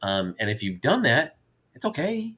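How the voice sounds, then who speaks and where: A man's voice: mid-range voice, huge pitch swings, normal speed, pushed and bright, slightly rough. A middle-aged man co-hosting a casual chat with his daughter, telling rambling, jovial stories. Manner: jovial storyteller, rambling with restarts. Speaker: podcast co-host, father.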